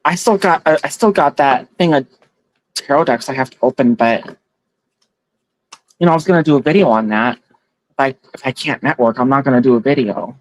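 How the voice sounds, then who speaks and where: A woman's voice: rumbling low, brisk, pauses often, dry recording. Chatty giggly woman hosting a livestream. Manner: chatty and giggly, warmly thanking viewers by name. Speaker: tarot reader and livestream host. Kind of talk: casual livestream chat, reading out viewer comments.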